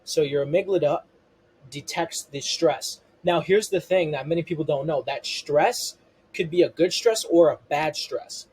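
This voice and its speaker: A man with a voice pitched a little above the usual male range runs through a health lesson. His tone is husky rather than clean. He keeps checking in with "okay" and "you know" as he walks through each point. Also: moderate pace, darkish tone, low-quality recording. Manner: repeats "okay" and "you know" as fillers, explains step by step. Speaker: functional health coach. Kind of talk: explanatory health lesson to camera.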